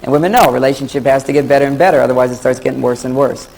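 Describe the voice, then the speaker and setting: A middle-aged man with a medium-pitched, creaky voice races through a jokey lecture on relationships for a live audience, telling stories and acting out snippets of dialogue. The recording is rough, taken from an old VHS tape with faint background noise.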